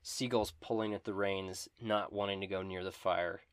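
A man narrating a tabletop game as game master in a grave, low manner. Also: fairly even intonation, moderate pace, clean tone, no echo.

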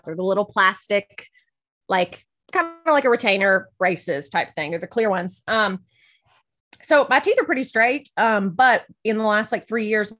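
A woman co-hosting a podcast in casual chat, talkative and self-deprecating, with a slight lisp from clear aligners in her teeth. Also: mid-range voice, animated, a bit bright. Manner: chatty, self-deprecating, quick to laugh. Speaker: podcast co-host.

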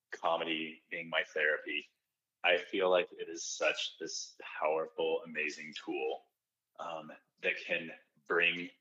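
Male guest, very low pitch, forceful tone, earnest and reflective, muffled recording. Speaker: podcast guest, comedy festival producer. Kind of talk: reflective conversational talk.

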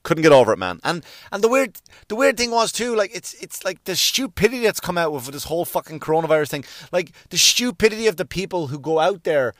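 A man's voice: high voice, sing-song, fast, fairly bright tone, no room sound, studio quality. A man with an Irish accent, hosting and ranting in a sweary, sarcastic comic style. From Ireland. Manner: sweary, sarcastic, acts out silly voices. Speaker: podcast host. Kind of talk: profane comedic rant.

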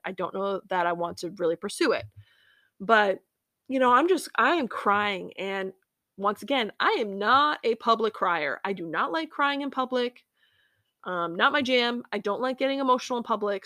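A woman hosting a podcast, sharing a personal faith reflection in an earnest, heartfelt way, with pauses and fillers. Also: on the high side, fairly bright tone, dry recording, studio quality. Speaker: podcast host.

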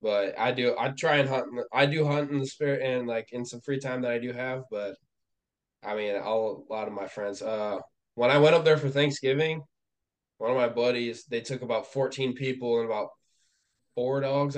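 A late-teen young man from the Dakotas chats as a podcast guest. He speaks in a relaxed, halting way, restarting phrases and leaning on fillers, at a middling pitch. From the Dakotas, US Upper Midwest. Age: late teens. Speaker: podcast guest, baseball recruit. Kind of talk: casual interview chat.

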